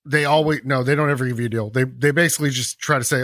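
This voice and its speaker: A man rants in casual podcast chat with animated energy. His pitch sits in a middle range, and he jumps between quick put-on voices and frequent laughs. The sound is dry and close, with no room around it. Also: no room sound. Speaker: podcast co-host.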